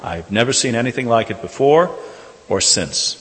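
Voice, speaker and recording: A man, a Catholic priest, preaching a sermon and telling a personal story in a measured way, slowing down for emphasis. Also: medium pitch, lively intonation. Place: church. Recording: reverberant church hall.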